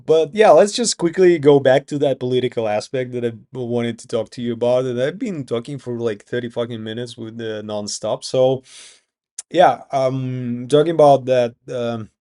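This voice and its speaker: A man's voice: mid-range voice, normal speed, warm tone. A young man from Russia with a Russian accent, vlogging in a rambling casual monologue and swearing often.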